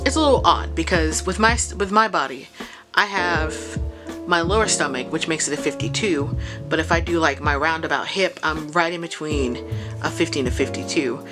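A woman with a notably low voice walks through a sewing how-to in a relaxed, chatty way. She thinks aloud and restarts her sentences, and clearly audible mellow music plays under her talk. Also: moderate pace. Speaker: sewing vlogger. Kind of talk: casual how-to explanation. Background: chill background music.

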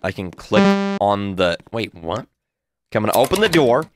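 A man's voice: lowish voice, big pitch swings, moderate pace, dry recording. A man playing a horror game and commenting, muttering nervously and repeating himself. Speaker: gaming YouTuber. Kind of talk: let's play commentary.

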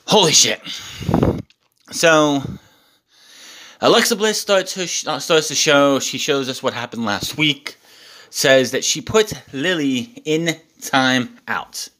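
A man's voice: fairly high pitch, expressive, slow, long pauses, sharp tone. A man recapping a wrestling show in a casual, exasperated rant, swearing often.

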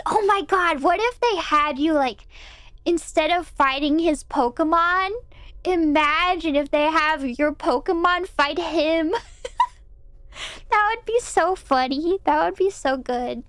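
A woman's voice: extremely high pitch, lively intonation, slow, a bit bright, no room sound. A woman gaming YouTuber chatting casually while playing, giggling and reading game text aloud. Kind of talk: casual let's-play commentary.

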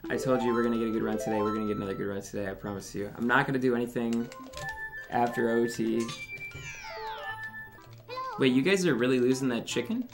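Profane rambling young male streamer. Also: medium pitch. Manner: profane, rambling, quick to laugh. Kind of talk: casual livestream commentary. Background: game music.

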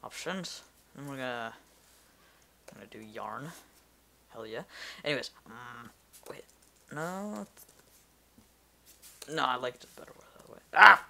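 Gravelly, bright-voiced man rambling over gameplay. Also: mid-range voice, expressive, a little slow, long pauses, a little hiss or hum. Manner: rambling, easily distracted, talks to himself. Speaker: gamer. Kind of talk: casual gameplay commentary.

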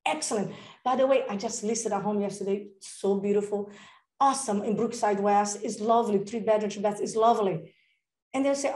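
An energetic, enthusiastic woman speaking as a real estate coach on a podcast, acting out little dialogues as she talks. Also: medium pitch, a little fast, roomy sound. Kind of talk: casual interview talk.

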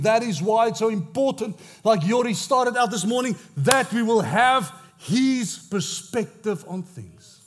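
A male pastor with an Australian accent preaching a sermon, swinging between loud exclamations and hushed, intense moments. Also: very high-pitched, very animated, a little slow, few pauses.

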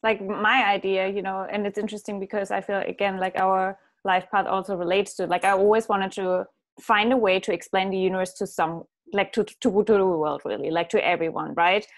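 A woman hosts a reflective conversation at a mid pitch. She thinks aloud and often checks in with "right?" as she speaks. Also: fairly even intonation, brisk. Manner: thoughtful, many "like" and "right?" fillers. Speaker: host.

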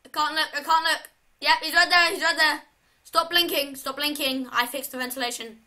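A woman's voice: high voice, fairly even intonation, moderate pace, pushed and bright. A young woman giving casual, panicky commentary while playing a horror game, frantically repeating herself. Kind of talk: casual let's-play commentary.

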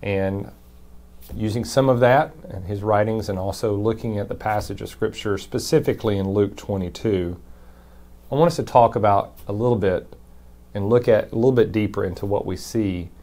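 A man's voice: lowish voice, normal speed, warm tone. A man, a pastor, giving a brief conversational devotion and reading Scripture aloud with emphasis. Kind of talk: short recorded devotion.

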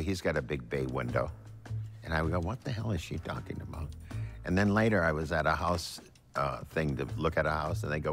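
A man doing stand-up and talking about his mother in a halting, deadpan way. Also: low voice. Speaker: stand-up comedian. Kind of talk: stand-up and interview reminiscing.

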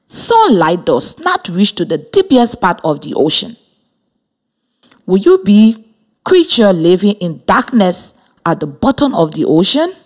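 A woman with a Liberian English accent, teaching a scripted radio lesson for children and spelling words out slowly letter by letter. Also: medium pitch, very animated.

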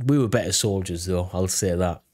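A man's voice: deep voice, fairly quick, dark tone. A British man casually reacting to a video, talking in a rambling way with lots of restarts and fillers. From United Kingdom.

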